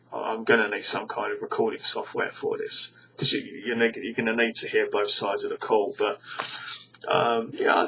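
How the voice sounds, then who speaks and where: A man's voice: fairly low pitch, bright, forceful tone, a little hiss or hum, poor audio. A British man ranting to his viewers in a casual monologue, rambling and scornful, stumbling over frequent restarts. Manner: scornful, exasperated. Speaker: vlogger.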